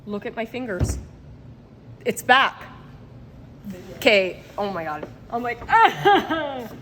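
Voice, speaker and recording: A woman who vlogs and makes products talks to camera in a casual, emotional, rambling way, often breaking into laughter. Her mid-range voice is a bit bright and her pace is slow.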